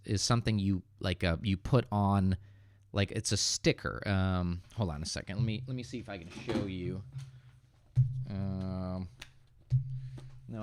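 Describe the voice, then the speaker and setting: A man's voice: on the low side, clean tone, no echo. An American man hosting a casual livestream, teaching English and answering viewer questions, thinking aloud with hesitant restarts.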